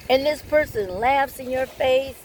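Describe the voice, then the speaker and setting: A woman with a fairly high voice tells her own story in a blunt, candid way. She swears freely and keeps talking straight to her viewers as she gives advice. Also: a little slow, slight background noise. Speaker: vlogger giving relationship advice.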